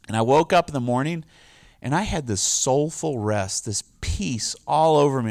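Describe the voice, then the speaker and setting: A man's voice: mid-range voice, expressive, moderate pace, no echo. A middle-aged man preaching a casual, conversational sermon, loose and informal with lots of "like" and "you know". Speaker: pastor.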